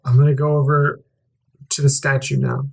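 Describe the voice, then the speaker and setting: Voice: medium pitch, little pitch movement, normal speed, creaky. A young adult game master narrating a tabletop role-playing game, hesitant and full of fillers.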